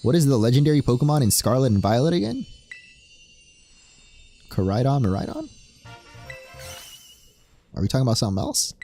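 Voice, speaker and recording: A man's voice: mid-range voice, very animated, brisk, long pauses, warm tone, soft background music. A young man from Spain giving casual, jokey commentary on his video game playthrough and cheering at the screen. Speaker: streamer playing a game. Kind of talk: casual let's play commentary.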